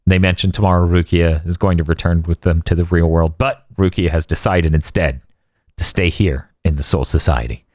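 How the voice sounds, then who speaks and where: A man's voice: low-pitched, steady tone, moderate pace, darkish tone, dry recording, studio quality. A man hosting a podcast, recapping anime episodes in a wry, jokey way and laughing often. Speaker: podcast host.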